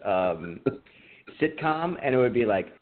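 A man's voice: medium pitch, big pitch swings, unhurried. A man co-hosting a podcast in casual chat, joking around with a profane, laughing manner. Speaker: podcast co-host. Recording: tinny phone-like audio.

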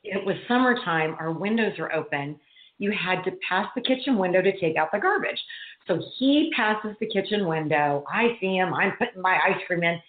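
A woman's voice: fairly low pitch, animated, moderate pace. A middle-aged woman, a guest speaker, telling a story in casual chat, acting out the quotes with laughs. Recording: tinny phone line, echoey room.

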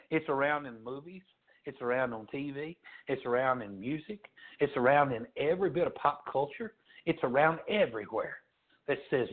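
A man preaching a fiery sermon as pastor, swinging from shouts to low, quiet lines. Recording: tinny phone-like sound.

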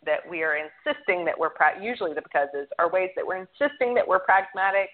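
A woman's voice: on the low side, animated, fairly quick. Chatty woman on a tinny line. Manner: chatty storyteller who swears freely. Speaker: podcast co-host. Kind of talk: casual chat. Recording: tinny phone-like sound.

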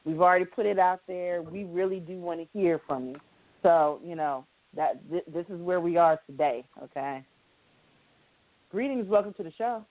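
A middle-aged woman hosting a call-in show, speaking slowly and with emphatic repetition. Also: on the low side, fairly even intonation, no room sound. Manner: slow, emphatic, repeating words. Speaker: host. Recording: dry, tinny phone-like sound.

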